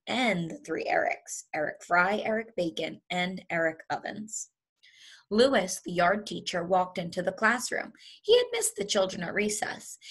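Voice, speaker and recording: A woman teacher reading a children's storybook aloud to her students, in a lively, expressive way. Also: on the low side, slightly rough.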